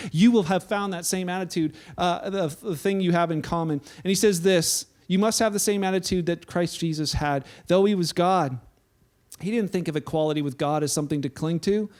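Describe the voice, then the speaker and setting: A man's voice: sits high, a little mellow. A man, a pastor, preaching a conversational sermon in a church, telling anecdotes with frequent restarts.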